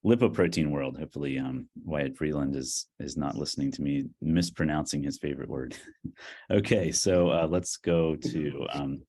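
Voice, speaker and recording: A man with an extremely deep voice moderates a research discussion. He calls on people in turn and adds relaxed, joking asides. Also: normal speed. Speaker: host and moderator. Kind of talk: moderating questions.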